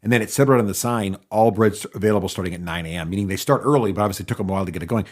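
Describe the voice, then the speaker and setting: A man co-hosting a podcast, chiming in often with short agreements and quick asides. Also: lowish voice, a little mellow. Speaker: podcast co-host. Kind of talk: casual chat.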